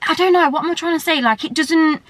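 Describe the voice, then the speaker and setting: A woman's voice: high-pitched, fast, no echo. A young English woman talking candidly to camera in a personal vlog, tearful and rambling. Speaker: vlogger.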